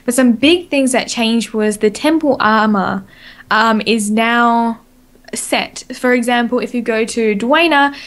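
A woman's voice: on the high side, takes it slowly, a bit bright. An Australian woman hosting a casual gaming podcast, chatty and rambling, with lots of fillers and self-corrections. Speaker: podcast host.

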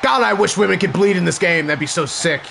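A woman playing a video game and narrating, with loud reactive exclamations, swearing and laughter. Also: on the low side, lively intonation, quick pace, gravelly. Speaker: gaming channel host. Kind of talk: let's-play commentary.

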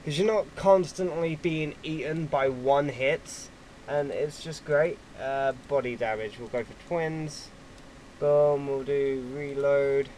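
A man giving casual gameplay commentary at his computer, excitable and quick to swear at opponents. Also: fairly high pitch, slight background noise, poor audio. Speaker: gaming YouTuber.

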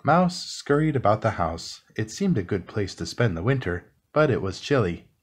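A man reading a classic children's book aloud in a calm, soothing bedtime style. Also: on the low side. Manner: slow, soothing, expressive reading. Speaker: storybook reader.

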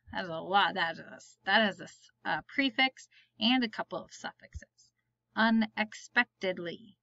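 A woman teaching reading, saying each word slowly and clearly for learners to repeat. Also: on the high side, pushed and bright, no room sound, dull audio. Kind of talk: slow word-list reading lesson.

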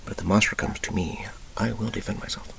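Gravelly-voiced man from Texas rambling. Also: on the low side, fast talker, poor audio. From Texas, USA. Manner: profane, emotional, drifting between loud outbursts and whispers. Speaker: vlogger. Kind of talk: rambling personal monologue.

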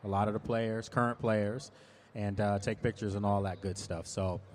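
A man's voice: on the low side, steady tone, moderate pace, a little mellow, slight background noise. Talkative man hosting a mall event. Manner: loose and talkative, many restarts. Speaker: sports analyst and host. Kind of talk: live event chat and prize drawing. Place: shopping mall event stage.

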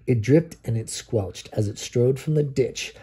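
A man, a dad, reading a rhyming picture book aloud to his child and pausing so the child can fill in the rhymes. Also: medium pitch, warm tone, husky. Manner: reads rhymes with pauses for a child to finish them. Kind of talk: bedtime story read-aloud.

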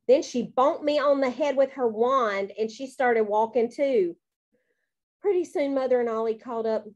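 A woman reading a children's book aloud, narrating in a bouncy, expressive child's voice. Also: fairly high pitch, moderate pace, muffled recording. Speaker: audiobook reader.

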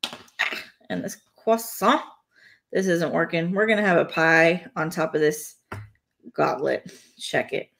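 A woman's voice: lowish voice, measured pace, gravelly, long pauses, fairly bright tone. A woman chatting playfully on a live stream from home, laughing between remarks as she builds a toy set. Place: home, indoors.

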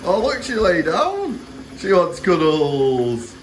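A man's voice: high-pitched, wildly swooping pitch, takes it slowly, low-quality recording. A father with a playful, coaxing, encouraging way of talking, in a casual home video recorded in a bathroom. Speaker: father bathing the family dog with his kids.

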